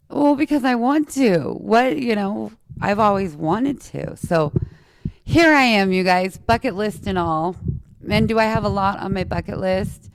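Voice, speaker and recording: A woman's voice: mid-range voice, unhurried, gravelly, dry recording, clean studio sound. A woman in her forties from Utah with a lisp, chatting casually and telling personal stories straight to her listeners. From Utah, USA. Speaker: podcast host.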